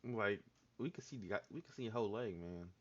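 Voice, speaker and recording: A man's voice: on the low side, fast talker, a bit bright. A man hosting a casual chat, talking loosely and jokingly with lots of slang and filler words. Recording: dull lo-fi sound.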